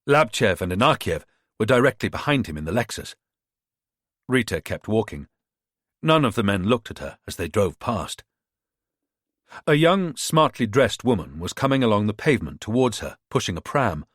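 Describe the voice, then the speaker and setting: A man narrating a thriller audiobook in a measured, expressive reading. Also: on the low side, no room sound, studio quality.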